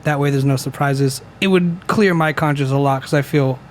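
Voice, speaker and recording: A man's voice: mid-range voice, normal speed, slight background noise. A man co-hosting a casual podcast, upbeat and joking, greeting viewers in the chat. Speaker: podcast co-host.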